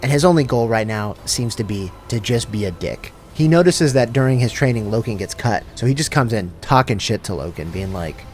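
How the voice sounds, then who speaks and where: A man's voice: mid-range voice, expressive, a little fast, hardly any pauses, darkish tone, soft background music. A man casually retelling a story, with slangy, profane, joking asides. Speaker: lore channel host. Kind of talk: casual comedic lore summary.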